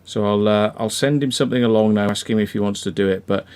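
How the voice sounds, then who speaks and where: A man's voice: fairly low pitch, fast talker, a little mellow, clean tone. A man with a Welsh accent chatting casually as a live-stream host, rambling with lots of fillers and restarts. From Wales.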